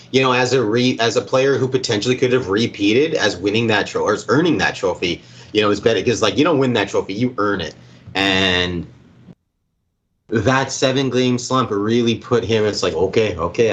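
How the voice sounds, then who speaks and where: A man's voice: on the low side, normal speed, a bit bright, a little hiss or hum. Chatty Canadian sports co-host man. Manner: chatty, agreeable, jumps between topics. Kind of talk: casual sports talk.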